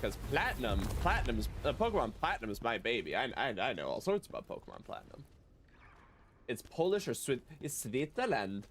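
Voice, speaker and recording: Playing a video game live, a man keeps up animated, jokey chat with the people watching. His medium-pitched voice is fairly quick, and slight background noise can be heard.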